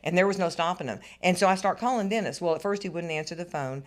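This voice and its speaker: Fast-talking woman in her sixties. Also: on the low side. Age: 60s. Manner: animated, repeats herself, rises when upset. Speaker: interviewee. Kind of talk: emotional interview.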